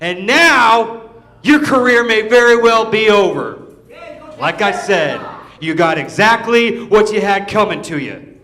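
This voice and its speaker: A man cutting a wrestling promo as a heel wrestler, taunting and shouting his rant in an arena. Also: sits high, lively intonation, a little slow.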